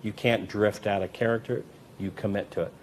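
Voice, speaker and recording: A man, a magician and comedy performer, telling anecdotes in an interview and acting out the voices of the people in them. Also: a little fast. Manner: animated, acts out quoted voices with big swings in pitch and loudness.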